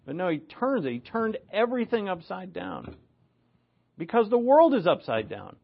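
A man preaching a sermon in a gravelly voice, sitting a little higher than most men. He swings between loud, drawn-out emphasis and quiet low asides. The recording sounds dull and lo-fi. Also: very animated.

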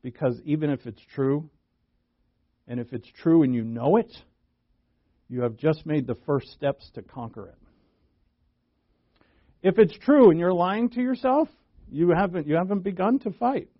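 A man preaches a sermon in a fairly high voice, punching key words with sudden jumps in pitch and mixing in folksy asides. The recording sounds dull and lo-fi, with a dry, close sound and no room echo. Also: lively intonation, a little slow, long pauses.

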